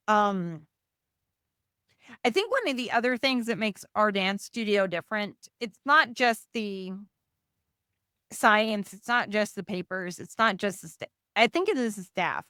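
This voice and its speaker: A middle-aged woman speaks at an ordinary mid pitch, co-hosting a casual podcast. She explains things earnestly, with fillers. The recording is dry and close. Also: a little slow, a bit bright, no echo. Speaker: podcast co-host, dance studio owner. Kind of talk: casual chat.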